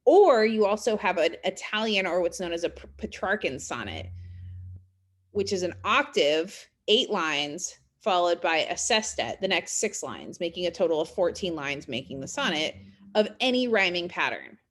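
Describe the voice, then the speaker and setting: A woman teaching a college English class in a recorded lecture. She explains literary terms conversationally, with fillers and check-in questions, and reads poems aloud slowly. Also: lowish voice, expressive.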